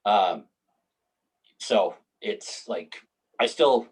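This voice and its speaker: Low husky-voiced man in his thirties. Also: expressive, drawn-out words, poor audio. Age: 30s. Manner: laid-back, swearing, laughs often. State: recovering from hip surgery. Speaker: podcast co-host. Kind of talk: casual chat.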